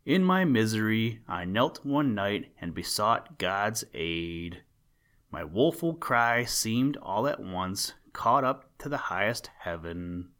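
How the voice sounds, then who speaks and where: A man reading the lines of a sad, dreamy young princess in a low, gentle way. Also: very animated, takes it slowly, heavily acted.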